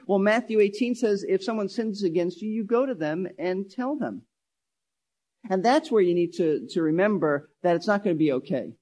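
A man's voice: high voice, expressive, normal speed, darkish tone. A pastor preaching a sermon, emphatic, repeating key phrases and shifting his pace.

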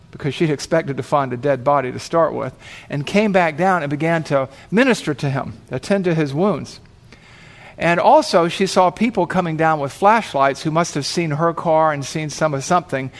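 A man pastor telling a vivid, dramatic story in his sermon. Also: fairly high pitch.

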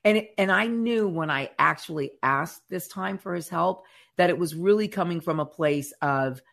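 A woman co-hosting a casual faith chat show, telling stories in an animated way and acting out what others said. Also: lowish voice, moderate pace, gravelly, few pauses. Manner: animated storyteller who acts out quotes. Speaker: podcast co-host.

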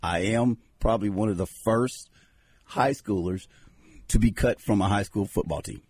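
A man's voice: lowish voice, moderate pace, a little mellow, breathy edge, dry recording. An American man in his forties, co-hosting a casual podcast, who tells jokey stories and slips into mock voices. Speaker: co-host.

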